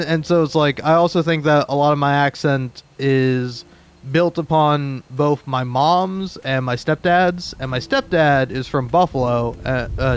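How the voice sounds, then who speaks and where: A young man in his twenties, a let's play host from the southeastern United States, talks in a clear, resonant mid-range voice with an East Coast American accent. He rambles and curses through casual gameplay commentary that's full of restarts.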